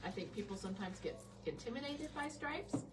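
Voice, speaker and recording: A woman's voice: fairly high pitch, lively intonation, a little fast, distant mic, noisy background. Friendly woman teaching quilting live. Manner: friendly, explanatory, laughs often. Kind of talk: casual live sewing lesson.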